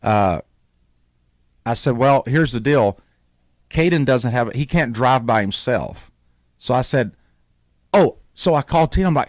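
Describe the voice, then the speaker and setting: A man's voice: medium pitch, unhurried, long pauses, no echo, clean studio sound. A man hosting a radio show, telling a long story in casual talk and acting out the voices of the people in it. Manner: animated storyteller, acts out quoted voices.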